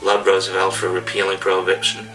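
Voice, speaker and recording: Fast, low-pitched and monotone, yet bright and forceful, this man chats casually, telling rambling, enthusiastic stories that keep restarting. He tends bar and collects bar memorabilia in New York's Hudson Valley. Music runs behind a far-off mic.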